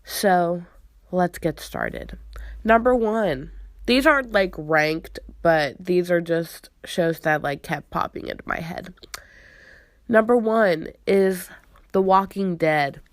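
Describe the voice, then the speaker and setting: Slow-talking congested young woman. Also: fairly low pitch, sing-song, no echo, clean studio sound. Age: young adult. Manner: drawn-out, sarcastic, exasperated sighs. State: congested from a cold. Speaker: podcast host. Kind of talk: casual chat.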